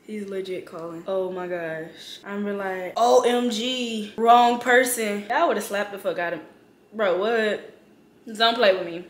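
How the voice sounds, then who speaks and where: A woman's voice: mid-range voice, steady tone, unhurried, fairly bright tone, echoey room. A young woman, chatting casually to her viewers in a prank vlog, swearing freely and laughing often. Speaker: vlogger. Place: home kitchen.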